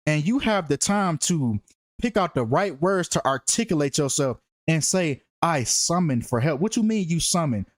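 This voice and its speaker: Man, somewhat high voice, slangy profane commentary, emphatic, repeats lines, dry close sound. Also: animated, normal speed, no echo. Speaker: true-crime numerology commentator. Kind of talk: casual profane commentary monologue.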